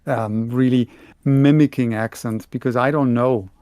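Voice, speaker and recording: Bavarian German man, mid pitch, dry close mic, stop-start casual talk, lots of restarts. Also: fairly even intonation, warm tone, dry recording. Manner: halting, many restarts and repeated words. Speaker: podcast co-host and audiobook narrator. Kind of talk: casual chat.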